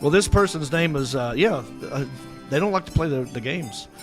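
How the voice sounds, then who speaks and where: A man hosting a comedy show, telling funny news stories in a jokey, playful way with bursts of animated emphasis. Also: fairly high pitch, moderate pace, soft background music. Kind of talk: casual comedic chat.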